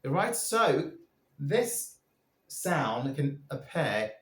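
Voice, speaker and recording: Guy teaching vowel sounds real slow, kinda high voice, echoey room. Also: sing-song, fairly bright tone. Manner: drills sounds for listeners to repeat. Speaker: pronunciation teacher. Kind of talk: slow pronunciation lesson.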